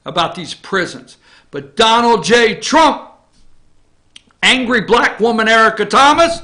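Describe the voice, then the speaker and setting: A middle-aged man hosting an opinion talk show rants combatively, his volume swinging between loud and low.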